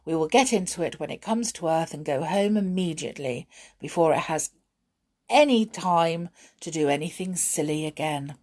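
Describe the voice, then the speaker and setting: A woman voicing an excitable, eager young male companion in a children's storybook, speaking in bright, eager exclamations. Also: low-pitched, moderate pace.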